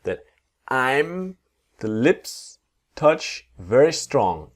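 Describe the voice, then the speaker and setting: A man teaching English pronunciation, modeling each sound slowly and deliberately for learners to repeat. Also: mid-range voice, very animated. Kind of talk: pronunciation lesson.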